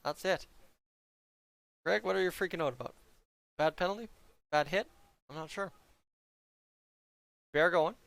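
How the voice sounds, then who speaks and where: A man's voice: high voice, measured pace, vocal fry, long pauses, fairly bright tone, no echo. A young man giving a casual, joking play-by-play reaction to a hockey game for his viewers. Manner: chatty, joking asides to viewers.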